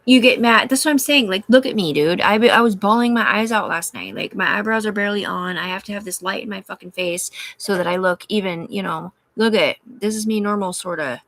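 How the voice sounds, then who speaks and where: A woman's voice: mid-range voice, a little fast, hardly any pauses, fairly bright tone, no echo. A woman rambling and swearing casually on a live stream from her room, talking back to her chat. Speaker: livestreamer.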